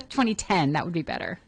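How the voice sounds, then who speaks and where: A woman's voice: high voice, very noisy. A woman co-hosting a radio show in a studio, chatting casually and laughing easily. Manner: easygoing, laughs often. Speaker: radio co-host.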